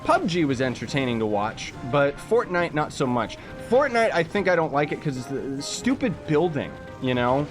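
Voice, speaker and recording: A young Canadian man with a highish, very animated voice livestreams a game over music, talking at a moderate pace with hardly any pauses. He chats casually, reads chat messages aloud, and tosses in jokey asides.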